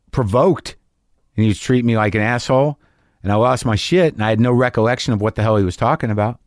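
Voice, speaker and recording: A man's voice: lowish voice, a little mellow, dry recording. Candid middle-aged man, dry close mic. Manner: confessional, profane, acts out both sides of an argument. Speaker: podcast host and stand-up comic. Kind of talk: candid monologue.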